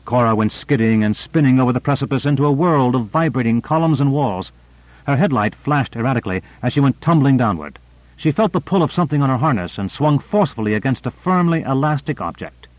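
A man narrating a novel in a measured, even reading voice. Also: medium pitch, no echo, muffled recording. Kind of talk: audiobook narration.

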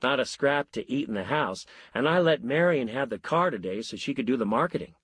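A plain-spoken scientist sounds glum and matter-of-fact, voiced by a man reading a story aloud. The voice stays close to the reader's own, with a husky grain and a dry, close sound. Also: mid-range voice, expressive, a little fast, a bit bright, dry recording. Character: baffled scientist friend, adult man, glum.

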